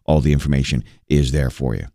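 A man's voice: a bass voice, quick pace, creaky, warm tone, no echo, clean studio sound. A man hosting a radio show, chatting in an upbeat, jokey way between segments. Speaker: radio host. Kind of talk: casual radio show chat.

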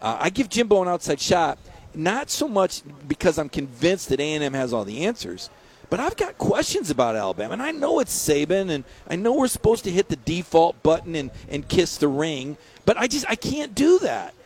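A man as a guest on a sports radio show, talking in emphatic, rapid-fire rants with repeated words. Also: fairly high pitch, sing-song, darkish tone, slightly rough. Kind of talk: phone-in sports radio interview.

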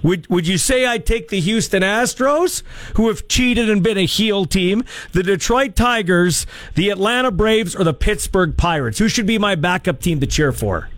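Man, sports radio host, high-pitched, casual rambling chat, dry close mic. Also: expressive, moderate pace, fairly bright tone, dry recording. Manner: chatty, rambling with fillers. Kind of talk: casual call-in radio talk. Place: radio studio.

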